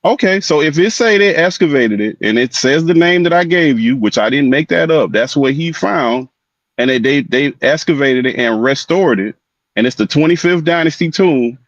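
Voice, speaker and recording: A man's voice: fairly high pitch, expressive, normal speed, no echo. Caller: a pressing, repetitive man, heard over dull, dry online call audio. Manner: pressing, repeats himself, reads aloud. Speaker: guest caller. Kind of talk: heated casual debate.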